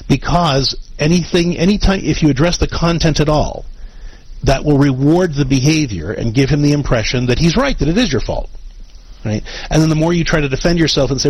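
A man hosting a call-in advice show, explaining calmly with frequent restarts and check-ins like "okay?". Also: fairly high pitch, brisk, husky, poor audio. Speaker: radio advice show host.

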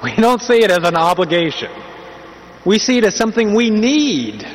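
A man's voice: high-pitched, big pitch swings, moderate pace, slight background noise. A man giving a conversational sermon, telling a humorous story and asking rhetorical questions. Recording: long hall reverb, faint ambience.

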